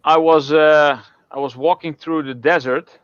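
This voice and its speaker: A man's voice: on the high side, fairly even intonation, unhurried, clean tone, dry recording, highs cut off. A man telling a long, rambling joke in casual chat, with many halts and restarts. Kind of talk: casual storytelling.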